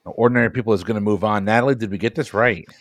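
A man hosting a movie podcast, briskly moving things along and signing off. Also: on the low side, no room sound. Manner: brisk, wraps up the show. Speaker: podcast host.

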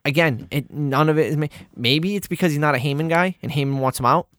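A man's voice: on the high side, fast talker, fairly bright tone, no echo, clean studio sound. A man co-hosting a casual wrestling podcast, talking emphatically and repeating his points for stress. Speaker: podcast co-host.

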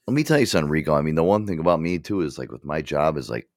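A man's voice: very deep voice, expressive, rapid-fire, no echo. A man hosting a live show, chatting in crude casual banter and teasing with profane rants. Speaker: radio show host.

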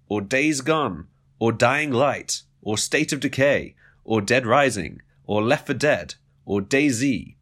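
A man hosting a podcast, delivering a comedic monologue with mock-dramatic swings and deadpan asides. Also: on the low side. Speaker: podcast host.

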